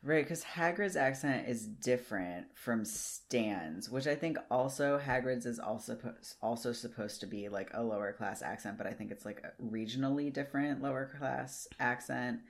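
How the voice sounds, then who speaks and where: A person in their thirties co-hosting a podcast on a video call, speaking into their own microphone, slow and thoughtful, drawing words out and getting riled up when annoyed. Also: medium pitch, vocal fry. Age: 30s. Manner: slow and thoughtful, stretches words while thinking, gets riled up. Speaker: podcast co-host. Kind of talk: casual chat.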